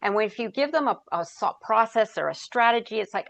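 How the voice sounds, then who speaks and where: A woman's voice: on the high side, lively intonation, a little fast, vocal fry, few pauses, a bit bright, highs cut off. A woman guest on an interview podcast, telling stories and advice in a conversational way, sometimes searching for words. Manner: storytelling, searches for words, quotes herself and others. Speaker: podcast guest, founder and coach.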